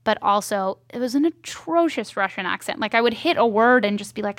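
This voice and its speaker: A woman filmmaker chatting in an interview, telling stories in a lively, talkative way. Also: medium pitch, moderate pace, hardly any pauses, no echo, studio quality. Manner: chatty, animated storytelling. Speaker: indie filmmaker guest. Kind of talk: casual interview chat.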